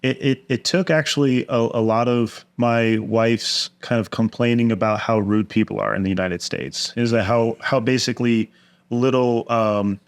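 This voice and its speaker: A man chatting as an interview guest, telling personal stories with an animated delivery. He slips into other people's voices, pitching up high when he quotes them. His voice sits at an ordinary middle pitch. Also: normal speed, smooth. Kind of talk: candid storytelling conversation.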